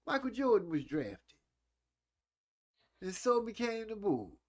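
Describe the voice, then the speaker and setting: With a high-pitched, sing-song voice at a measured pace, a forties-aged man runs a relaxed live stream. He playfully ribs viewers about old films and reads their chat messages aloud.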